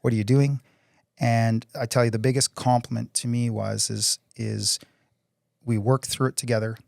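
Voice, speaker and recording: A man's voice: mid-range voice, little pitch movement, moderate pace, gravelly, darkish tone, dry recording, clean studio sound. A middle-aged man, a council candidate and oil company CEO, speaking earnestly in a casual interview with frequent restarts. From Canada.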